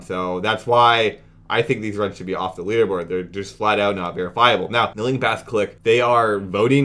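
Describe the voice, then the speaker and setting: A young man with a slightly low voice runs a casual commentary video. He talks in a brash, mocking, indignant way. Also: fairly bright tone. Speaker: youtube commentator.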